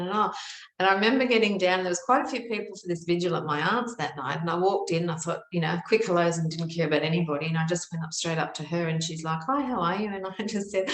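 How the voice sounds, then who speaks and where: Low-voiced woman telling a spiritual story. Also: a little fast, reverberant, rough recording. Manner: earnest, animated storytelling with many fillers. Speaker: spiritual teacher. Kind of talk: storytelling monologue.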